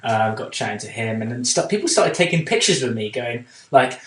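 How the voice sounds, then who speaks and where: A man's voice: mid-range voice, a little fast, few pauses, far from the mic. A man co-hosting a podcast, telling a long casual anecdote with lots of fillers and restarts. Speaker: podcast co-host. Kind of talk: casual storytelling chat. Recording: roomy echo.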